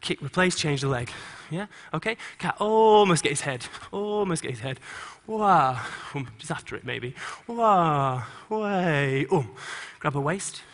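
A middle-aged choreographer on a conference stage, speaking to an audience and directing dancers with quick instructions and rhythmic sound cues. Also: male voice, on the high side, in a large hall. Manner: encouraging, energetic coaching.

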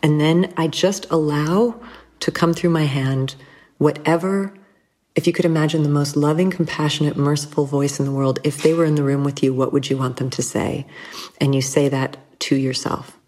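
Very low-voiced woman, reflective guest. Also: steady tone, normal speed. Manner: thoughtful, candid, laughs softly between thoughts. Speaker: interview guest. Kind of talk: reflective conversational interview.

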